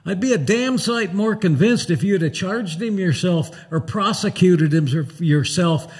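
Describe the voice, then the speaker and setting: A man playing a bold, earthy woman who scolds with a sharp tongue. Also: sits high, expressive, measured pace, husky, pitched above the performer's own voice, exaggerated voice. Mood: scornful.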